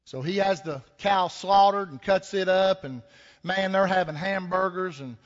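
A man's voice: sits high, a little slow. A man preaching a sermon, folksy and conversational, with rhetorical questions and a homespun story. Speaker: pastor. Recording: echoey hall, dull lo-fi sound.

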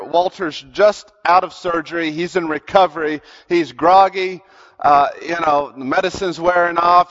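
A man preaching a sermon as pastor, building emphasis and slipping into conversational asides. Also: a little high. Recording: dull sound with long hall reverb.

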